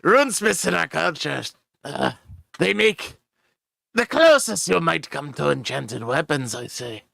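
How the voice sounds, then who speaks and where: A man voicing a gruff older male dwarf runesmith in a tabletop game, blunt and folksy, saying aye and lad. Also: on the high side, big pitch swings, unhurried, bright, forceful tone, no room sound, studio quality, pitched above the performer's own voice, heavily acted. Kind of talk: in-character tabletop role-play.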